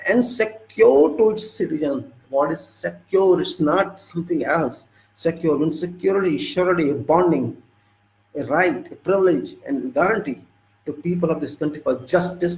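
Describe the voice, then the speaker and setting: A man's voice: fairly high pitch, a little mellow, low-quality recording. A man with an Indian English accent giving an impassioned monologue full of pointed rhetorical questions. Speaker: political commentator.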